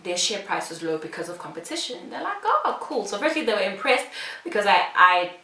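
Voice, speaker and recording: A woman from South Africa telling her own story to camera in a casual vlog, animated, acting out the other people's lines. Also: mid-range voice, brisk, reverberant, distant mic. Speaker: vlogger.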